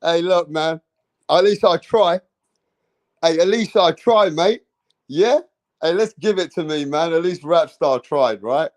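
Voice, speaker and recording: A man's voice: a little high, unhurried, a little mellow, dry recording. A man with an English accent hosting a casual boxing live stream, joking with viewers and swearing freely. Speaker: boxing channel host.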